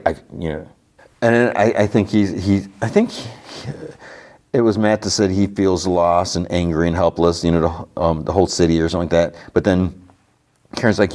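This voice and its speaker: A man's voice: low-pitched, fairly even intonation, moderate pace, darkish tone. A man hosting a podcast, casually retelling a TV episode scene by scene, full of "like" and restarts. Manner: rambling, filler-heavy retelling with lots of "like". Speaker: podcast host.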